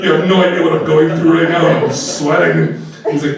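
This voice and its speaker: A man telling a funny story on stage, animated and often laughing, acting out his own panic. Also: moderate pace. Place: live venue with audience. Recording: booming echoey hall from far off with audience.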